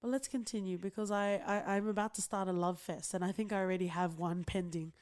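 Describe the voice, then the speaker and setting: A woman's voice: medium pitch, fairly even intonation, brisk, a little mellow. A woman co-hosting a podcast in casual chat, talking with lots of fillers and small laughs. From outside the United States. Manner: chatty, many fillers and giggles. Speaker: podcast co-host.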